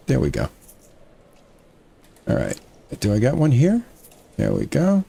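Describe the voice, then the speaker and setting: A man's voice: medium pitch, wildly swooping pitch, measured pace, gravelly, pauses often, mellow, slightly rough. Chatty male streamer thinking aloud. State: out of breath. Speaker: gaming streamer. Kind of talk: casual gameplay commentary. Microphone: headset.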